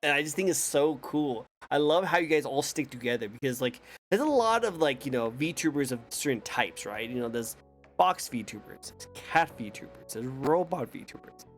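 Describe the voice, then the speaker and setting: Lively enthusiastic male interview host. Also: medium pitch, normal speed, faint music behind. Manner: enthusiastic, repeats "I love it". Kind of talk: casual interview.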